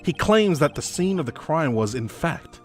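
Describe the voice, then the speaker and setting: A haughty young prosecutor, put on by an Australian man reading game lines in a high, nasal tone. His vowels stretch out with smug emphasis, and his pitch swoops widely. Faint music plays underneath. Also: big pitch swings, moderate pace.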